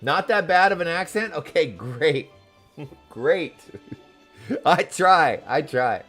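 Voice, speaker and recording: A chatty male game streamer with a lively, bouncing pitch that swings up when he gets excited. He talks casually to his viewers and reads game lines in playful put-on voices, with faint music under him. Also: slow. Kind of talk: casual gameplay commentary.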